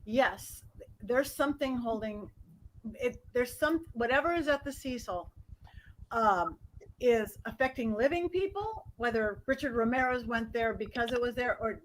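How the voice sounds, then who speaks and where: A woman psychic medium telling stories as a guest in a casual chat, animated and quick to laugh. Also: fairly high pitch, a little hiss or hum, rough recording.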